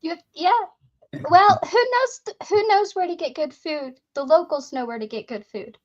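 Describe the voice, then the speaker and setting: A woman chatting casually, telling lively anecdotes full of fillers and acting out the people she talked to. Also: very high-pitched, moderate pace, dull audio. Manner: lively anecdotes, frequent fillers, acts out both sides of dialogue. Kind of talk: casual storytelling chat.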